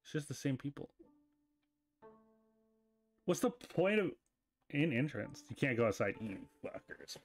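A man's voice: mid-range voice, big pitch swings, unhurried, long pauses. A man hosting a let's play, reading the game's dialogue aloud and cracking jokes and the odd swear between lines. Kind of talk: casual gaming commentary. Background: faint game music.

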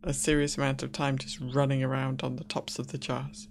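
Gaming stream co-host, gravelly voice, faint hiss, eager, gushing, quick to laugh. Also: mid-range voice, little pitch movement. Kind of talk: casual gaming stream chat.

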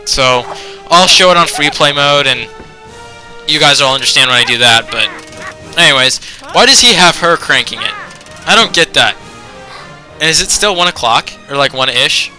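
Bright-voiced man rambling over gameplay. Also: a little high, animated, normal speed, long pauses, faint music behind, low-quality recording. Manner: rambling, filler-heavy, frequently exasperated at the game. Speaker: let's play host. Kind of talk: video game commentary.

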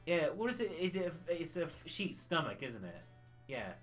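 A man's voice: fairly high pitch, sing-song, normal speed, soft background music. A man from the UK chatting casually on a retro gaming livestream, rambling and laughing often.

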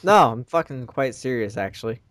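A man from the United States making sarcastic, deadpan quips in casual podcast chat. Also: mid-range voice, normal speed, no echo, far from the mic. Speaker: podcast guest.

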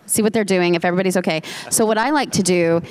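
A woman's voice: fairly low pitch, fast, clear, resonant tone, poor audio. A woman on a convention panel, chatting casually and teasing a colleague in a playful story. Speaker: voice actor panelist. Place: convention hall panel stage.

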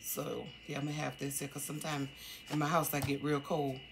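A low-pitched middle-aged woman chatting through a shopping haul at home. She talks in a loose, halting way, full of ums and restarts. A steady hiss sits under the recording. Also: vocal fry. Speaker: vlogger. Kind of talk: casual haul vlog.

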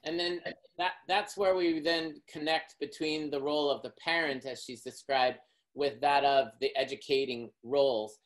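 A man's voice: fairly high pitch, fairly even intonation, normal speed, rough recording. A man presenting a workshop, lecturing in long, winding, academic sentences.

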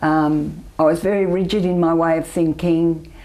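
An older Australian woman telling her personal story as an interview guest, soft-spoken and often trailing off into near-whispers. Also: low-pitched, fairly even intonation, normal speed, poor audio. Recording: faint background noise.

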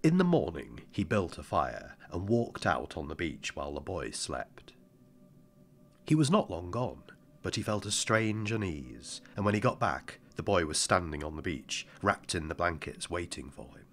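A man narrating an audiobook in a measured, somber way. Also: low-pitched, big pitch swings, fairly bright tone.

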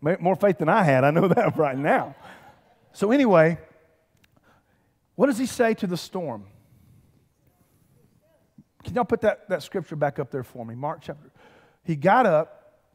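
A man, preaching a lively, conversational sermon with humor and calls to the congregation. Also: on the high side, unhurried, pauses often, slightly rough. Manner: animated, conversational preaching with humor and audience call-outs. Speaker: pastor. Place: church sanctuary. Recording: church hall reverb.

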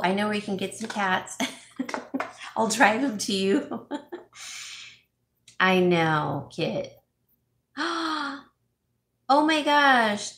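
A woman's voice: medium pitch, slight background noise. A woman vlogging casually from home, chatting with her viewers in a gushing way and often restarting her sentences. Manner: chatty, gushing, thinks aloud with many restarts. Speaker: home stager and DIY vlogger. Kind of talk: casual live chat reading viewer comments. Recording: roomy echo.

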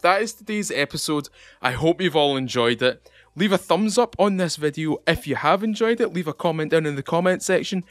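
A man from the UK chatting excitedly to viewers while playing a game. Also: on the high side, a little fast. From United Kingdom. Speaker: gaming channel host. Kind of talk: casual gameplay commentary.

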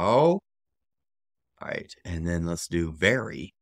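A man teaching a casual video lesson, slowly repeating each word several times with relaxed fillers. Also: low-pitched, no room sound. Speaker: language teacher.

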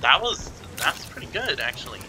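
A man's voice: medium pitch, very animated, moderate pace, noisy background. A man giving sardonic, muttered commentary while playing a survival game. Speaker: gamer. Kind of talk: let's play commentary.

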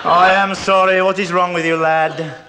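A man's voice: high voice, level tone, normal speed, close to an everyday voice. A man playing a jeering drill sergeant. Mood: mocking. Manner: jeering, barking orders, laughs at own jokes. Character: bullying male army drill sergeant who mocks recruits. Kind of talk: 1970s studio sitcom acting. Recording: hissy old TV sitcom audio with studio audience laughter.

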